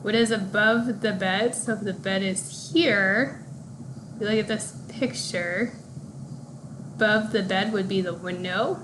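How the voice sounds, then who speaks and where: A woman teacher talks young children through their worksheet answers at an unhurried pace. She is deliberate and careful, spelling out each punctuation mark as she goes. Steady background noise runs clearly under the home-made recording. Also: mid-range voice. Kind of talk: recorded classroom lesson walkthrough.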